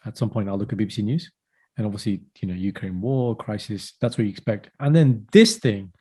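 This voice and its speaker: A man's voice: fairly low pitch, brisk, darkish tone, husky. A man, co-hosting a podcast in casual chat and telling stories with enthusiasm. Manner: chatty, enthusiastic storyteller, says "man" a lot. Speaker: podcast co-host.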